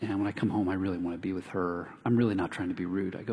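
Speaking low and fast with a breathy edge, a middle-aged man preaches as a pastor in a reverberant hall. He brings his sermon's stories to life by playing out the lines of neighbors and other figures.

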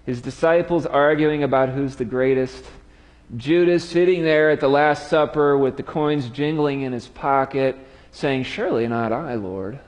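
Storytelling preacher in a long-echoing hall. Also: male voice, on the high side. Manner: storytelling, dramatic drops to quiet. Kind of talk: sermon.

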